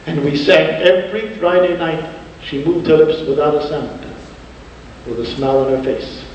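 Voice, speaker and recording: A rabbi telling stories in a sermon, earnest, slowing down with dramatic pauses. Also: male voice, fairly high pitch, a little hiss or hum. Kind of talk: emotional storytelling sermon. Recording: distant, dull echoey hall.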